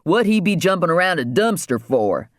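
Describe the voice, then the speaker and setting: A man voicing a nosy male bandit in jail who prods in loud street slang. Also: high voice, sing-song, moderate pace, no room sound, clean studio sound, voice pushed up. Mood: prodding.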